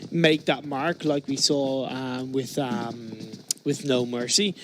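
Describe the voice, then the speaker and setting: A man's voice: medium pitch, a bit bright, a little hiss or hum. A man giving live color commentary on an esports match, breaking down team strategy. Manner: analytical, drops his voice when addressing his co-caster.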